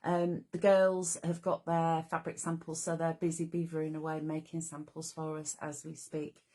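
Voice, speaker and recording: A woman hosting a casual live craft stream, chatty and bubbly, with a croaky voice as she talks straight to her viewers. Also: low voice, completely flat delivery, normal speed, a little mellow. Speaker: craft show host. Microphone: camera or phone mic on a live stream.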